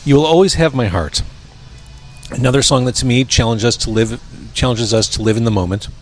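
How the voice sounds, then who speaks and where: A man's voice: medium pitch, brisk, faint music behind. A man hosting a podcast, chatting in an easygoing way over a meal in a brewpub. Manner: easygoing, reads lyrics aloud. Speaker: podcast host. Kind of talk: casual interview. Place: brewpub restaurant.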